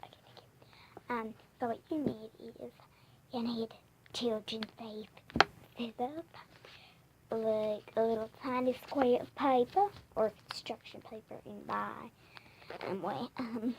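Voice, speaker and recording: A woman's voice: fairly high pitch, steady tone, measured pace, pauses often, noisy background. A young girl vlogging a playful crafts video, giggly and rambling, often dropping into whispered asides.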